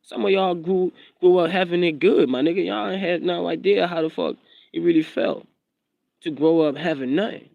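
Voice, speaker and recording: A man's voice: sits high, moderate pace, creaky, no echo, phone-quality sound. A young man from Eswatini, a rapper and content creator, rambling defiantly on a phone livestream with a South African accent tinged American. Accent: South African, with an American twang. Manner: rambling, repeats himself, defiant street talk. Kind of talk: casual livestream vlog. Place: outdoors in drizzle, hunched over phone.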